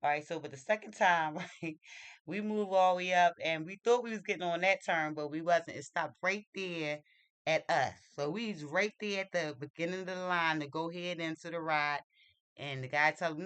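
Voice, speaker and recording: A vlogger telling a story in a casual monologue, slangy and animated, with lots of repeats and restarts. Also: medium pitch, normal speed, clear, resonant tone.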